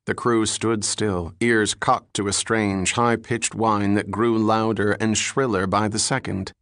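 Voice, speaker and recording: A man reading an adventure novel aloud in measured, scripted narration. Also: on the low side, level tone, a bit bright, dry recording, studio quality. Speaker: audiobook narrator.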